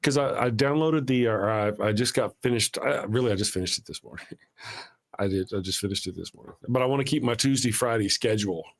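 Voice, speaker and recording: Casual halting male livestream host. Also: fairly low pitch. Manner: halting, restarts often, greets chat viewers.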